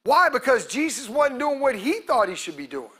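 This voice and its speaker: A male pastor preaching a sermon to his congregation, calling out to them and acting out quotes, breaking into loud shouts at the peaks. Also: very high voice, big pitch swings, moderate pace, slightly rough. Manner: preaching with call-outs to the congregation, acts out quotes. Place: church sanctuary.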